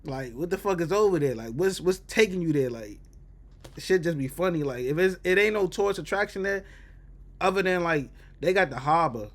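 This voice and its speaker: Animated high-voiced man. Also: fairly quick. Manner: animated, swings into loud high exclaims. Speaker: reaction streamer. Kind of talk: casual storytelling.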